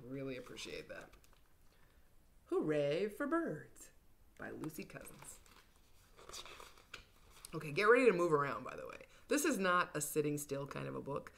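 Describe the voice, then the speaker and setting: A woman's voice: low-pitched, big pitch swings, moderate pace, gravelly, pauses often, a little hiss or hum. A woman hosting a children's storytime, reading a picture book aloud in a playful, encouraging, sing-song way. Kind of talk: toddler storytime reading and songs.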